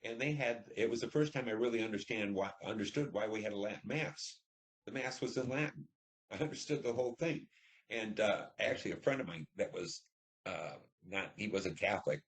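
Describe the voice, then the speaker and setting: A man's voice: on the low side, a little fast. An older man telling a personal war story in an interview, rambling with many "you know"s and acting out what people said. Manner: rambling, frequent "you know", acts out dialogue. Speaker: interviewee, veteran.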